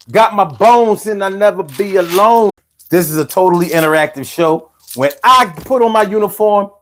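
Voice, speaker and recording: A middle-aged man hosts a live stream from home. He is slightly higher-pitched than most men and talks in a loose, profane, rambling way, stumbling over restarts as he reads viewers' comments aloud. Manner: profane, rambling, stammering restarts, laughing asides.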